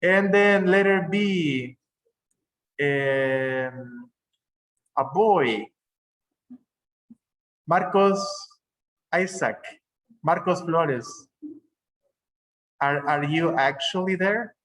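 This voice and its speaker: A man's voice: on the high side, a bit bright, rough recording. A male English teacher, explaining words patiently with examples over a video call. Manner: slow, explaining patiently with examples and self-corrections. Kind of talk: online class lesson.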